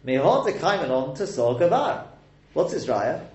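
A man's voice: fairly high pitch, big pitch swings, normal speed, darkish tone, muffled recording. A man teaching a text lesson, explaining step by step and quizzing his listeners with rhetorical questions. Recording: echoey room.

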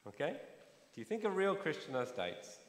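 A man preaches in a relaxed, conversational way, restarting phrases as he works through the passage. His voice sits a little high for a man, and the long reverb of a church hall trails behind each phrase. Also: moderate pace. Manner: conversational preaching with restarts, drops soft to pray. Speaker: pastor. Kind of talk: sermon.

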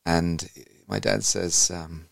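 Deep gravelly-voiced man hosting an interview. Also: steady tone, slow pace, no echo, clean studio sound. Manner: enthusiastic, rambling storyteller with frequent restarts. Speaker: host. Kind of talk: conversational interview.

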